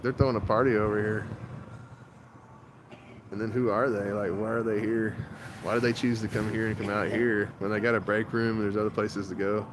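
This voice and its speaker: A man's voice: mid-range voice, noisy background. A man chatting casually to his livestream viewers, rambling from topic to topic, recorded on a phone outside. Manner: rambling, talks to chat.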